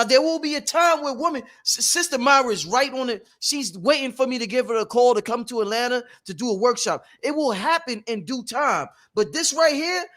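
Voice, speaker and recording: A man's voice: very high voice, a bit bright. A man hosting a workshop, talking in an emphatic, preachy way with casual profanity. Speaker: host. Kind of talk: motivational workshop talk.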